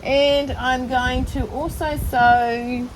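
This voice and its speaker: A woman's voice: sits high, steady tone, very slow, background noise. A middle-aged woman with a New Zealand accent, vlogging casually as she sews outdoors on a shaded deck, rambling and joking at herself with lots of ums. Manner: rambling and self-mocking, with many ums. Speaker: sewing vlogger. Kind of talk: casual chatty vlog.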